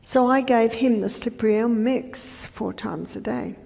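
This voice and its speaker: A woman health educator giving a lecture, telling patient stories in a conversational way with soft asides. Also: on the high side, unhurried, vocal fry. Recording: reverberant lecture hall.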